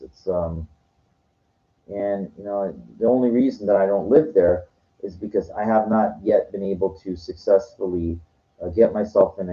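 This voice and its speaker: A man telling rambling stories in a casual monologue, swearing now and then. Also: low voice. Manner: rambling, profane storytelling. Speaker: vlogger. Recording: dull lo-fi recording.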